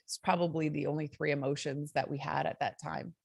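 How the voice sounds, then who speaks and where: A woman's voice: low voice, level tone, a little fast, vocal fry, breathy edge, no echo, clean studio sound. A woman hosting a motivational self-help talk, earnest and conversational, with many fillers. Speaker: host.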